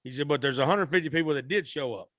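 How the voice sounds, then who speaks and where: A man's voice: fairly high pitch, fast talker, fairly bright tone, no room sound. A man, a musician guest telling a rambling, folksy story in a podcast interview. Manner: rambling, repeats and restarts, Southern-style folksy speech.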